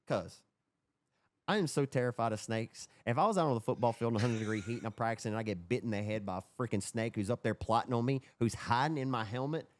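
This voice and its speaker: A young man co-hosting a racing podcast, telling stories in an excitable, swearing, casual chat. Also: mid-range voice, fast talker, slight background noise. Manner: excitable storyteller, drawls and swears. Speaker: podcast co-host.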